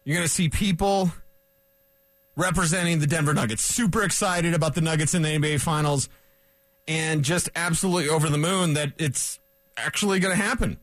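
A middle-aged man from Colorado hosting a sports radio show, talking fast and excitedly with little chuckles between thoughts. His voice sits high for a man and he sounds slightly out of breath. The mic is close and dry, with no room sound. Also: no room sound. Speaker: sports talk host.

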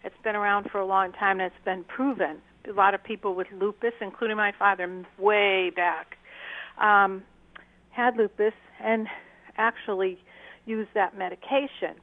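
A woman's voice: medium pitch, fairly even intonation, normal speed, no room sound. A woman calling in to a talk radio show, explaining her view earnestly. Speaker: caller. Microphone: telephone. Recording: tinny phone line.

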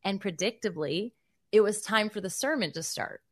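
A woman in her thirties hosting a faith podcast, telling a personal story in an animated, emotional way. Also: mid-range voice, normal speed, no echo, clean studio sound. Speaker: podcast host. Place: Virginia Beach.

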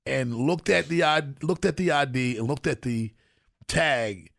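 A man's voice: mid-range voice, a little slow, creaky, fairly bright tone, no room sound, clean studio sound. A male radio morning show host, telling a story with mock exasperation in casual banter.

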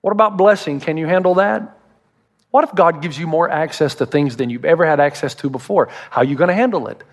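Lively, high-pitched male pastor preaching. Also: brisk. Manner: animated and humorous, acting out quoted voices. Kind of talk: sermon.

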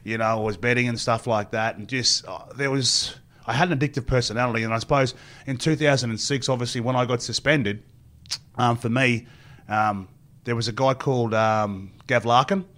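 A man's voice: mid-range voice, brisk, a bit bright. A middle-aged man with an Australian accent, a former rugby player telling long rambling stories as an interview guest and acting out what others said. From Queensland, Australia. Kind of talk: storytelling interview.

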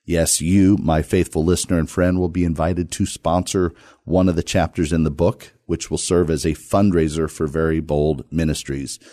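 A man hosting a radio Bible study podcast, talking casually with playful, self-deprecating jokes and sudden lively jumps. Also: very deep voice, moderate pace, no room sound, clean studio sound. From Virginia, US.

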